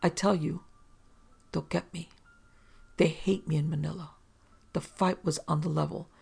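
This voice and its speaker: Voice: mid-range voice, fairly even intonation, unhurried, creaky, a little mellow, breathy edge, full character voice. A narrator voicing a frightened, desperate American gambler in an audiobook, speaking unsteadily. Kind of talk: audiobook character reading.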